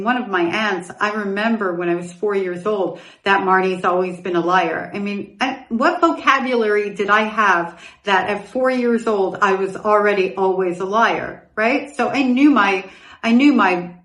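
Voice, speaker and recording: A woman's voice: mid-range voice, measured pace, a bit bright, far from the mic. Candid woman telling her story, echoey. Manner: candid, reflective, with self-corrections and asides. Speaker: podcast host. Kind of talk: personal storytelling monologue.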